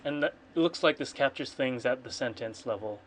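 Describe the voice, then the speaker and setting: In a casual coding screencast, a man streams his programming work and thinks aloud, rambling, correcting himself, and muttering under his breath. His mid-range voice is brisk and a bit bright, recorded on a computer microphone with slight background noise of keyboard typing and clicks.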